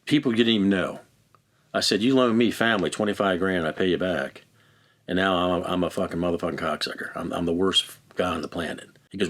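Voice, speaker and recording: A middle-aged man with a deep, low voice tells his story bluntly and candidly. He swears freely and re-enacts the arguments he describes. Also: fairly quick. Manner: blunt, heavily profane, acts out quoted exchanges. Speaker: interviewee recounting his own past. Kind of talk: candid first-person storytelling.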